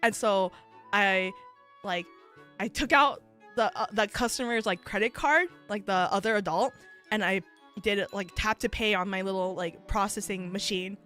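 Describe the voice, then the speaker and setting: A woman VTuber telling stories in casual chat, animated and full of fillers, acting out the people in them. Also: medium pitch, moderate pace, faint music behind. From United States. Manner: animated, filler-heavy, acts out voices in stories. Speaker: VTuber streamer.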